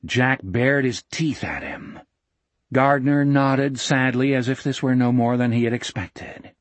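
A male narrator reads a novel with measured, dramatic storytelling. His voice is husky and unhurried, sitting at an ordinary pitch. The recording is dry and close, like a studio mic. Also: no echo. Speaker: audiobook narrator. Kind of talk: scripted narration.

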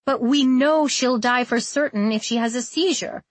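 A woman's voice: a little high, normal speed, no echo, close to an everyday voice. Decisive lead medic, read by a woman narrator, firm and raised, dry. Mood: resolute.

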